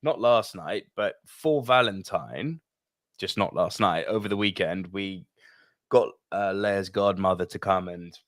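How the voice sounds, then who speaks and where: Animated British man telling a story. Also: dry recording, studio quality. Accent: British English. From England. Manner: animated storytelling, swearing, quick pitch jumps. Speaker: podcast co-host. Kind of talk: casual chat.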